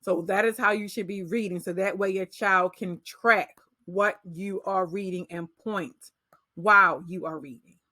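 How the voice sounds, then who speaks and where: A woman teacher walks parents through reading skills at a measured, deliberate pace. Her voice sits in a middle pitch. The sound is close and dry, with no room around it. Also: fairly even intonation, pushed and bright, no echo. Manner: slow, deliberate modeling of read-aloud pacing. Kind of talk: instructional explanation for parents.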